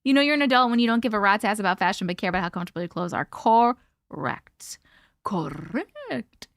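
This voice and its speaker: A woman hosting a casual livestream, reading viewer comments aloud and greeting people by name, playful and quick to laugh. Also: mid-range voice, animated, dry recording, studio quality. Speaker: livestream host.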